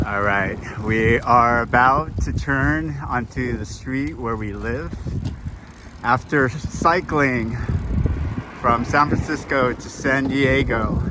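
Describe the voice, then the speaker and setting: A man narrating his own bike ride in a casual, upbeat vlog style while cycling outdoors on city streets. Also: medium pitch. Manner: upbeat, chatty, breaks into laughs. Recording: street and traffic noise behind.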